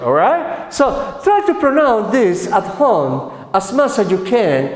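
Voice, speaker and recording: A man's voice: high-pitched, big pitch swings. A man teaching an English lesson on TV, switching between English and Spanish and drawing out model phrases for students to repeat. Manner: slow, drawn-out model phrases for repetition. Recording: echoey room with long reverb.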